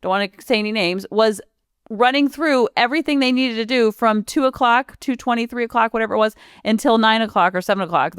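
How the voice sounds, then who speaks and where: A woman's voice: fairly high pitch, fast talker, clean tone, no echo, studio quality. A woman in her forties hosting a parenting podcast, chatting casually and piling up long lists of examples. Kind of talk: casual solo podcast talk.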